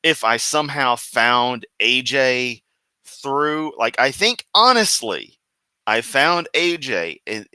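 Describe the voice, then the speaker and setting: Male reaction host, sarcastic and rambling, bright forceful tone, dry close recording. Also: mid-range voice, takes it slowly, clear, resonant tone, no room sound. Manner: sarcastic, rambling, talks back to the clip. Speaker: commentary host reacting to clips. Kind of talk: casual reaction commentary.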